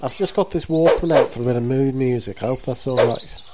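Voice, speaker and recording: A man's voice: medium pitch, a little fast. A man in an improvised comedy play, trading cheeky, dry banter. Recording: loud background noise.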